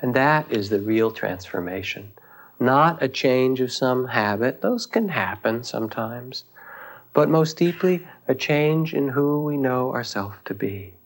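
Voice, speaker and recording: Man, meditation teacher, dharma talk, reflective, unhurried, pausing. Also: medium pitch, lively intonation. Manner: reflective, unhurried, with thoughtful pauses.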